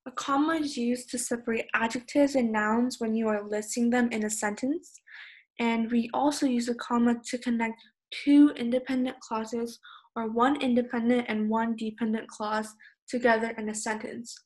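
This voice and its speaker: A woman's voice: a little high, steady tone, normal speed. A teenage girl from California who teaches a recorded online lesson, explaining plainly and patiently. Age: teens. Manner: plain, patient explaining, raises voice on example shouts. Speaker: student teacher.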